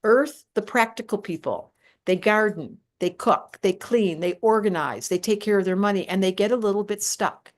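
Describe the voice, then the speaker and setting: A woman's voice: mid-range voice, moderate pace. An older woman presenting a live online astrology class, talking emphatically and directly to her viewers. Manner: animated, emphatic teacher addressing viewers directly.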